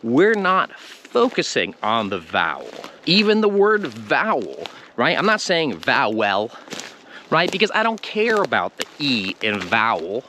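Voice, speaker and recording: An American man teaching English pronunciation to camera, explaining slowly and stretching out the sounds he demonstrates. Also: mid-range voice, huge pitch swings, sharp tone, slight background noise. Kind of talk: online language lesson.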